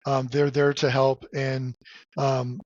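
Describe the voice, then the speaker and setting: A middle-aged man hosting a podcast in casual chat, halting with many fillers and restarts, cracking jokes. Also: mid-range voice, monotone. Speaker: podcast host. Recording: dull dry lo-fi sound.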